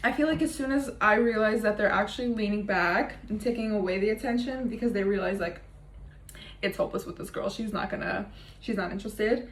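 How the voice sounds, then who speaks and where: A woman's voice: medium pitch, fairly quick. Chatty self-mocking young woman, echoey room. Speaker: vlogger. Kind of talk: casual confessional vlog. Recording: echoey room with faint ambient noise.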